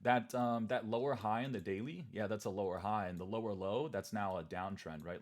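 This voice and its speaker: A man with a fairly low voice hosting a trading livestream. He rants with animated, sarcastic energy and swears freely. His pitch jumps up whenever he mocks how other people talk. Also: fairly quick, hardly any pauses. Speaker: crypto trading livestream host. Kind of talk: livestream market commentary rant.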